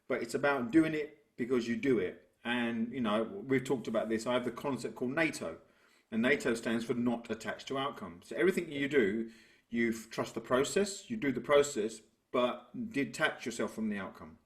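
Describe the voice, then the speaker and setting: A man, a business coach talking through ideas and telling stories in a relaxed interview. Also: medium pitch, normal speed. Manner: reflective, tells stories to make a point. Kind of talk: conversational interview.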